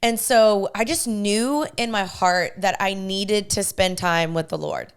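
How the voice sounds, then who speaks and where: A young woman hosting a podcast, telling a story in a lively way and acting out what her friends said. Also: medium pitch, a little slow, clear, resonant tone. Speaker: podcast host. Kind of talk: casual chat.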